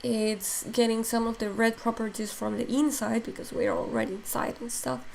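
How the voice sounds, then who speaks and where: Woman streaming a sculpt tutorial, gravelly kinda tired voice, lots of ums, faint room hum behind. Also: on the high side, fairly even intonation, normal speed, a little mellow. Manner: thinks aloud with many fillers, answers chat comments. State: voice strained and tiring. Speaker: digital sculpting instructor. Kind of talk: live-stream tutorial chat.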